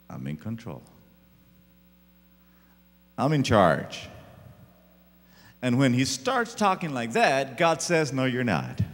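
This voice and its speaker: A male pastor preaching a sermon, swinging from loud emphatic lines to hushed ones. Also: mid-range voice. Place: church sanctuary. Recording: echoey church hall.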